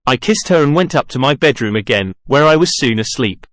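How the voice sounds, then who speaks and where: A man narrates an audiobook in first person, in a measured, middle-pitched voice that breaks into dramatic outbursts. He is recorded on a close studio mic, and the sound is dry with no room around it. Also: lively intonation, no echo.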